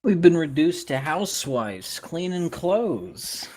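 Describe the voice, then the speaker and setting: A man playing at a tabletop game, teasing the other characters in playful banter. His voice sits a bit high. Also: big pitch swings, takes it slowly, darkish tone. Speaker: player.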